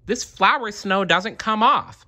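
A man voicing a playful female toy zebra in a storybook reading, gleeful and high. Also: takes it slowly, pushed and bright, exaggerated voice. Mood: grumbling.

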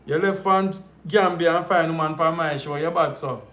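A man's voice: a little high, normal speed, a bit bright, reverberant, slight background noise. A man with a Jamaican accent hosting a livestream, chatting playfully and teasing his guest. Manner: playful, teasing, laughs often. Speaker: livestream host. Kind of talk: casual chat.

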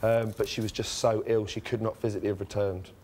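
A young man on a reality show, chatting excitedly and repeating himself as he tells the other housemates about a phone call. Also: on the low side, quick pace, a little hiss or hum. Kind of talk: casual chat.

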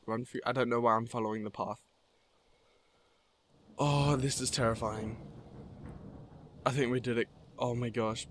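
A man's voice: mid-range voice, fairly even intonation, normal speed, slight background noise. A teenage boy with an Australian accent, giving jittery, gasping commentary on a horror game and repeating his phrases. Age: teens. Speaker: gaming YouTuber.

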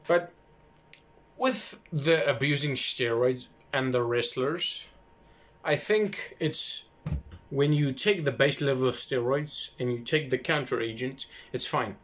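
A man's voice: medium pitch, normal speed. A man hosting a casual talk, retelling history loosely with asides, restarts and self-corrections.

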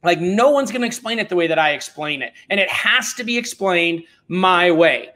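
A middle-aged man talking as a podcast guest, telling stories in a blunt, animated, informal way. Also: high-pitched, moderate pace. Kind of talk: casual conversational storytelling.

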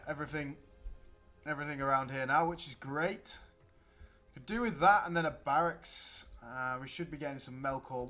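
A young man giving excitable, chatty commentary while playing a strategy game. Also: on the high side. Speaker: let's play gamer. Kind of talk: gameplay commentary.

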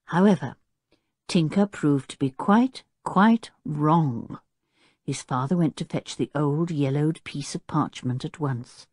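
A woman narrating a children's audiobook in a clear, expressive storytelling manner. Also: deep voice, measured pace, dry recording, clean studio sound. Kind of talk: scripted narration.

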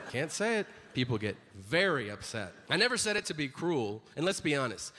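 A man's voice: medium pitch, fairly bright tone. A man doing stand-up comedy in a brash, provocative, profane way. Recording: reverberant hall with faint noise.

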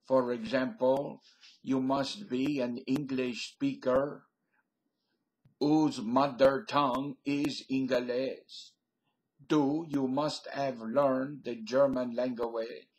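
A man's voice: medium pitch, fairly even intonation, slow pace, low-quality recording. An older man rambling through a stream-of-consciousness comedy monologue into a webcam at home, laughing at his own jokes. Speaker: vlogger.

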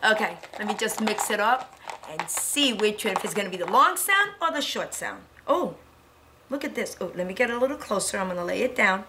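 A woman's voice: medium pitch, sing-song, brisk, sharp tone, a little hiss or hum. A woman teaching a preschool lesson to young children, in a cheerful sing-song way.

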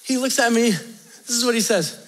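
High-voiced man preaching to students. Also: normal speed. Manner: animated, chatty, laughs often, talks straight to the audience. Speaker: youth pastor. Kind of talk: storytelling sermon to students. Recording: long reverb of a large hall.

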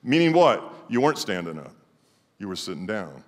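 A middle-aged male pastor preaching a sermon emphatically, swinging between loud declarations and quiet asides. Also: lowish voice, big pitch swings, moderate pace. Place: church sanctuary. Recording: long church hall reverb.

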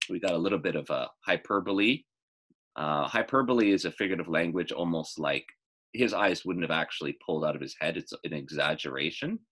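A man reading a children's novel aloud as a teacher, pausing casually to explain figures of speech. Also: sits low, fairly bright tone.

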